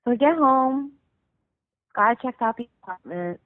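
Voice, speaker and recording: A woman's voice: on the high side, expressive, measured pace, dry recording. Musician guest, woman, 30s, chatty and filler-heavy, heard over a thin, dry phone line. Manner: rambling, filler-heavy, lots of "like". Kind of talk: casual storytelling over the phone. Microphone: phone call.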